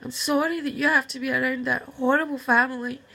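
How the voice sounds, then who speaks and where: A woman's voice: sits high, fairly even intonation, fast talker, creaky, pushed and bright, low-quality recording. A woman, upset and close to tears, rambling heartfelt words straight to her estranged sister in a personal video message. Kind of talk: emotional personal message to camera.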